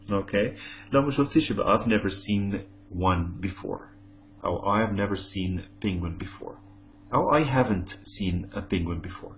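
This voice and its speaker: A man with an Egyptian Arabic accent teaching English grammar, saying example sentences slowly and explaining quickly in between. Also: lowish voice. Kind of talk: bilingual grammar lesson. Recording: slightly dull lo-fi audio with faint hum.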